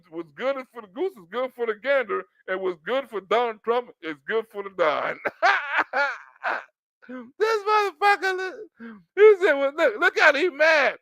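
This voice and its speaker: A man's voice: very high voice, vocal fry, fairly bright tone, no room sound. A man doing comedic reaction commentary, mocking and laughing often, with street slang.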